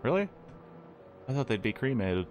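A man's voice: medium pitch, big pitch swings, normal speed, a little mellow, faint music behind. A man hosting a casual watch-along, throwing in wry, sarcastic quips. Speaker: host commenting on a film. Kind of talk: casual joking commentary.

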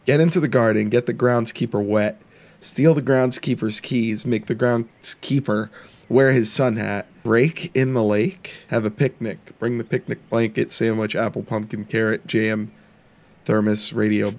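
A man's voice: medium pitch, steady tone, unhurried. A young man giving playful let's-play commentary, laughing often and mock-taunting the characters in the game. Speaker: gaming channel host.

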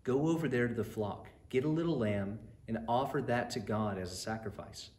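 Calm, patient young shepherd voiced by a man, bedtime storybook reading, echoey room. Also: mid-range voice, normal speed, a little hiss or hum, natural voice. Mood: gentle. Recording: roomy echo.

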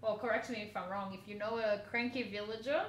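A woman's voice: medium pitch, steady tone, fast talker. A woman chatting casually through a card unboxing, giggling and squealing over cute cards. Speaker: vlogger. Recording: echoey room, faint noise.

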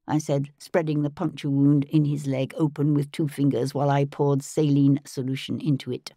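A woman narrating an audiobook in first person, in a measured, composed manner, on a close studio microphone. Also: low-pitched, level tone, mellow, no room sound. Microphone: close studio mic.

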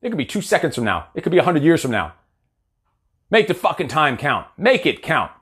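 A man's voice: a little high, sing-song, a little fast, fairly bright tone. A man in his forties, a coach giving a blunt, profane, fired-up motivational talk. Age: 40s. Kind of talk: motivational monologue.

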